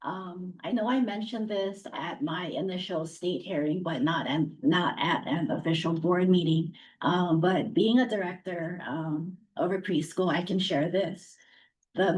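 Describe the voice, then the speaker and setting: Preschool director lady, hoarse, kinda low voice, chatty and earnest, mic a bit far away. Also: darkish tone. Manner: earnest, chatty, laughs lightly. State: losing her voice. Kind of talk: public comment at a meeting. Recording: distant mic.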